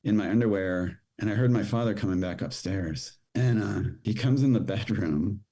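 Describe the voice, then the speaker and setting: A middle-aged man, a podcast guest, telling a personal story in a rushed, halting way with many restarts. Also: on the low side, warm tone.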